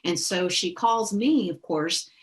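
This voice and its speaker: A woman sharing a personal story in a group discussion, animated and acting out her own thoughts. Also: lowish voice, takes it slowly.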